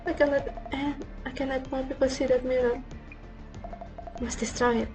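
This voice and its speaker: A desperate young woman posing as a ghost mutters her fixated lines, as a woman reads her aloud. The voice sits high yet stays low and brooding. Faint game music plays underneath. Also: flat delivery, normal speed, close to an everyday voice. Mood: muttering. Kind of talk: reading game dialogue aloud.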